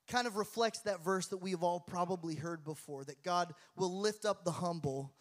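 A man preaching a sermon as the pastor. He tells stories in a lively, joking manner and often laughs at his own tales, then moves into Bible teaching. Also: high voice, moderate pace, hardly any pauses. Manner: animated, jokey storyteller who laughs at his own tales. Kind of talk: sermon with storytelling.

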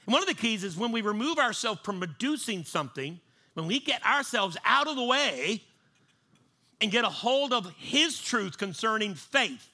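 A male preacher with a high, very bright and piercing voice. He talks to his congregation like a neighbor, circling back over his words and restarting sentences before he drives a point home. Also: very animated, normal speed. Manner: conversational, repeats and restarts, acts out panicked voices. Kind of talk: sermon.

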